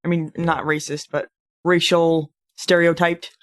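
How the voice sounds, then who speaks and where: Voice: medium pitch, level tone. Podcast cohost chatting, stops and restarts a lot, medium voice. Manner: halting, many fillers and restarts. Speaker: podcast co-host. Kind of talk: casual chat.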